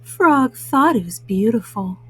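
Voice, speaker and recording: A woman reading bedtime stories aloud to children in a gentle, soothing way. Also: on the high side, expressive, unhurried, slightly rough, low-quality recording. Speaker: children's storyteller.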